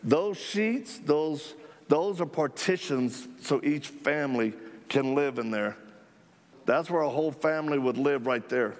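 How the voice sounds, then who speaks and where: A man leading a ministry, telling stories to a live audience in an animated, folksy way with jokes about himself. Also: a little high, unhurried. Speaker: ministry leader speaking to supporters. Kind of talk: storytelling talk to a live audience. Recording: long hall reverb.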